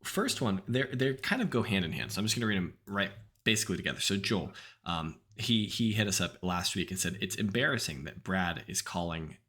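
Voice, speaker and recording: A man's voice: sits low, big pitch swings, fairly quick, sharp tone. A man hosting a podcast in loose, casual chat. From United States. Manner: loose and chatty, many "like" fillers. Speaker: podcast host.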